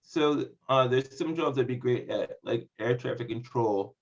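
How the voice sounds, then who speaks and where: A man answering interview questions as a comedian guest, speaking in a monotone and pausing often with fillers. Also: medium pitch, dull audio. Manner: monotone, halting with many fillers.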